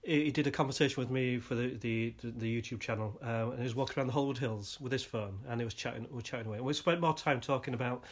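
A man's voice: mid-range voice, racing, few pauses. A man hosting a podcast, asking long, rambling questions in a self-deprecating, chatty way. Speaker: podcast host. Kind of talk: casual conversational interview.

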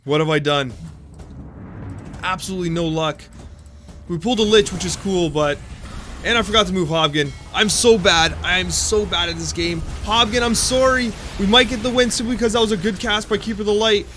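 A man giving casual, excitable commentary over his own game, often mocking himself and groaning at bad plays. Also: high-pitched, a little fast, slight background noise. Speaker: gameplay commentator.

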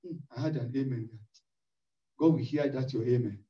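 A man's voice: medium pitch, moderate pace, dark tone. A man preaching a sermon in an emphatic, repetitive style, his voice rising into cries. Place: church hall. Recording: echoey distant lo-fi church recording.

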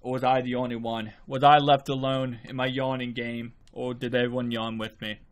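A drowsy man talks his way through a video game match, rambling loosely and often trailing off mid-thought. Every so often he breaks into a quick excited outburst at a play. His voice sits at an ordinary middle pitch. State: sleepy, just woke up. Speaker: video game channel host. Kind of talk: casual gameplay commentary.

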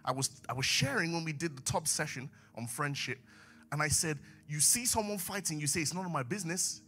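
A man preaching a sermon in a church, swinging from low asides to raised exhortation. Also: fairly quick, pushed and bright.

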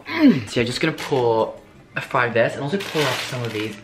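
A man's voice: mid-range voice, sing-song, brisk, noisy background. A young man from Sweden talking to camera in a casual vlog, dramatic, camp and self-mocking, swearing often. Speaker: vlogger.

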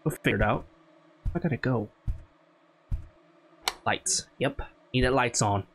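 A man playing a horror game and commenting as he goes, talking to himself and jumping to high squeals when scared. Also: measured pace, a little hiss or hum. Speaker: gaming YouTuber.

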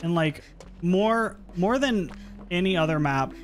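A man's voice: sits high, lively intonation, measured pace, soft background music. Chatty young man streaming a game. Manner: chatty, swears often, reacts loudly in frustration. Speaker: streamer playing a horror game. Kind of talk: casual gaming stream chat.

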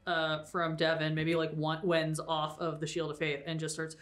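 A woman's voice: low-pitched, completely flat delivery, moderate pace, fairly bright tone, slight background noise. Playful woman game master. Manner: playful, laughs often while narrating. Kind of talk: narrating a tabletop game.

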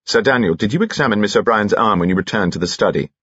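A man voicing a calm, formal police inspector who questions in a quiet, matter-of-fact way in an audiobook. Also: lowish voice, quick pace, breathy edge, dry recording, highs cut off.

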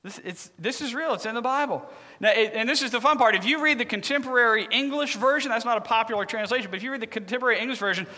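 Bright-voiced joking male preacher. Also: extremely high pitch, fast talker, big-room sound. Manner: joking, conversational, animated. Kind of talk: humorous sermon storytelling.

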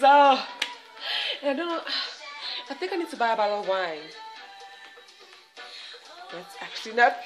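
Excitable young woman vlogging over music. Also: on the high side, normal speed, pauses often. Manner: excitable, rambling, giggly. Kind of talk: casual vlog chat.

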